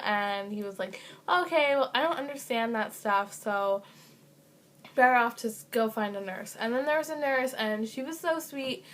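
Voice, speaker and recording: A woman's voice: fairly high pitch, normal speed, fairly bright tone. A young woman telling a casual storytime vlog, chatty with lots of fillers and sarcastic asides, coughing now and then. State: occasional cough. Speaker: vlogger.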